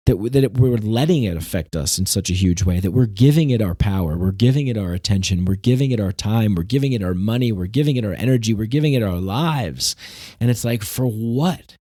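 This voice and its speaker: A man with a lowish, mellow voice rants sarcastically through a solo podcast monologue and swears freely. The sound is dry and close, with little room. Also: animated, fairly quick, no room sound. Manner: ranting, sarcastic, swears often. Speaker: podcast host.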